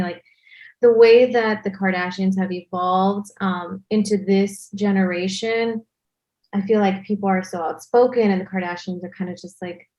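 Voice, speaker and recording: A woman's voice: mid-range voice, fairly even intonation, moderate pace, darkish tone. A young woman, a content creator, chatting as an interview guest with a Valley girl way of talking and lots of "like". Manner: Valley girl speech, many "like" fillers. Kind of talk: casual interview chat.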